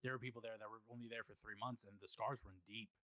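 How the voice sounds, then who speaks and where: A man's voice: on the low side, steady tone, quick pace, sharp tone, no room sound, poor audio. A man hosting a podcast in casual chat, earnestly explaining at length, with frequent swearing and restarts. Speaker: podcast host.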